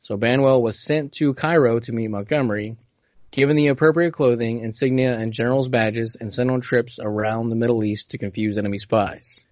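A man's voice: mid-range voice, steady tone, brisk, a little mellow, no room sound. Laid-back man telling a story. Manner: laid-back storytelling, stumbles over hard words. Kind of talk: casual chat, reading aloud. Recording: dull, dry lo-fi audio.

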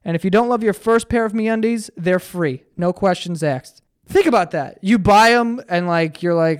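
A man's voice: high-pitched, expressive, normal speed, smooth. A young man hosting a solo podcast, ranting profanely and mocking people in put-on voices. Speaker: podcast host. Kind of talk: solo comedic podcast rant with ad read.

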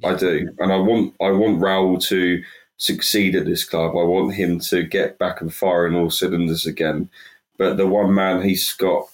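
A very low-pitched man in casual football chat. He talks emphatically, doubling up words as he gets going, in a loose and opinionated way. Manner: emphatic, repeats words as he builds up steam. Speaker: podcast co-host.

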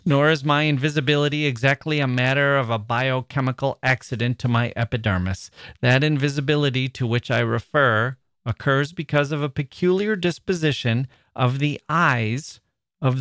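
A man reading a novel aloud in the first person, measured and expressive. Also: medium pitch, no echo, clean studio sound. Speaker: reader.

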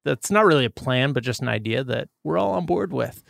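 A man's voice: medium pitch, expressive, fairly quick, vocal fry, no room sound, clean studio sound. A man co-hosting a casual comedy podcast, laughing easily and playfully quizzing his guest. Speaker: podcast co-host.

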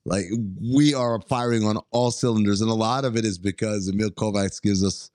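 A man co-hosting a podcast in relaxed casual chat who laughs often. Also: on the low side, moderate pace, no room sound, clean studio sound. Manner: laid-back, laughs often. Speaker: podcast co-host.

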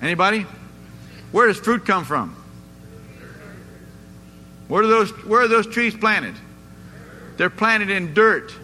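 A man's voice: high-pitched, animated, takes it slowly, long pauses, pushed and bright. A man pastor preaching a sermon in a church, emphatic and repeatedly asking the congregation questions. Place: church sanctuary. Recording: echoey church hall, faint noise.

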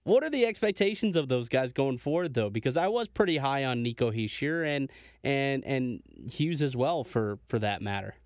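A man's voice: medium pitch, expressive, normal speed, no echo, studio quality. A man hosting a podcast in casual chat, eagerly pressing his guest for stories. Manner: laughing, eager interviewer. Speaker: podcast host.

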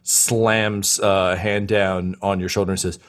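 Game master, male, low voice, halting narration full of fillers. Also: flat delivery, a bit bright. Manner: hesitant, many fillers.

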